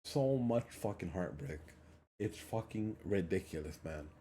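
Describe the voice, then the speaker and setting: A man's voice: low-pitched, animated, unhurried, mellow, a little hiss or hum. A man livestreaming a heated, blunt monologue, swearing often and repeating phrases for emphasis. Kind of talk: casual ranting monologue.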